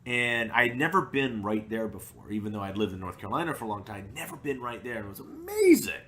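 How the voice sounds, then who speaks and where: A man's voice: mid-range voice, big pitch swings, fast talker, fairly bright tone, a little hiss or hum. A man co-hosting a podcast, telling a story in casual chat, acting out the people he quotes and laughing often. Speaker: podcast co-host. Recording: roomy echo.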